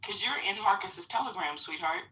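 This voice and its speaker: A woman's voice: mid-range voice, animated, fairly quick, bright, forceful tone, recorded from a distance, low-quality recording. A middle-aged woman hosting a live audio chat room, talking bluntly and casually, swearing freely and addressing the listeners directly.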